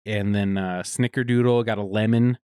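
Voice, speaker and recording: A man's voice: on the low side, steady tone, moderate pace, mellow, clean tone, dry recording, studio quality. A man hosting a podcast in casual chat, laid-back, laughing often and swearing freely. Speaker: podcast host.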